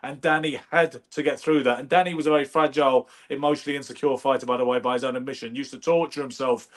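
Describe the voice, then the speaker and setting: A man telling stories in casual conversation, animated and anecdotal. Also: mid-range voice, fast. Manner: animated, anecdotal, does brief impressions. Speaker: podcast host.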